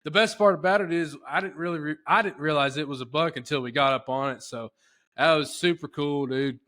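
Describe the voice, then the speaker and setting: A man hosting a podcast, telling a story in a casual, rambling, animated way with lots of filler talk. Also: on the high side, a little fast. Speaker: podcast host.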